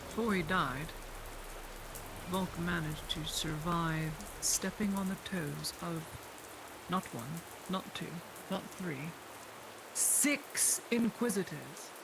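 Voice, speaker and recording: A player voicing a gravelly young noblewoman. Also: medium pitch, takes it slowly. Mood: storytelling. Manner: lecturing, storytelling. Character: young noblewoman, proud and talkative. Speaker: roleplay player. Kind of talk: casual voice roleplay. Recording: clear rain noise behind.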